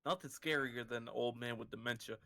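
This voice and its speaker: A man's voice: mid-range voice, a little fast, vocal fry, very noisy. A man co-hosting a podcast in casual chat, laughing often and poking fun at himself. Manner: giggly, self-deprecating. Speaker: podcast co-host.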